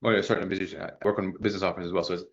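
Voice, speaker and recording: A man in his thirties, a sales coach giving casual feedback, who talks fast and animatedly and acts out sample questions. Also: low voice, steady tone, highs cut off.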